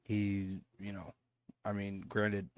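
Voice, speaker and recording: Give me a laid-back man with a low, even voice chatting through a reaction video. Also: slow pace, no room sound. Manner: laid-back, repeats himself, laughs often. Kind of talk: casual chat.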